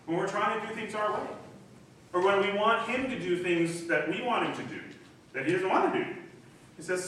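A middle-aged man preaching a sermon as pastor, animated and acting out voices in the quoted dialogue. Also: sits high, moderate pace. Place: church hall. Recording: echoey room from a distance, faint noise.

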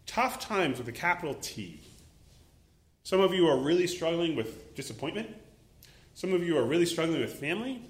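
A man preaching a sermon as a pastor, animated, acting out little voices and exclaiming as he goes. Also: a little high, echoey room.

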